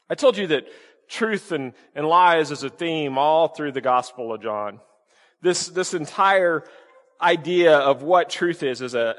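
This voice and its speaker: A man's voice: on the high side, fairly bright tone. Preaching man in a reverberant hall. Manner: emphatic, asks the listeners rhetorical questions; repeats key words while preaching. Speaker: pastor. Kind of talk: sermon.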